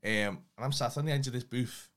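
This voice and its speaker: A man's voice: mid-range voice, fairly quick, a bit bright. Swearing man telling a rambling story. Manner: rambling anecdotes, heavy swearing. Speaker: comedy podcast co-host. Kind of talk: casual storytelling chat.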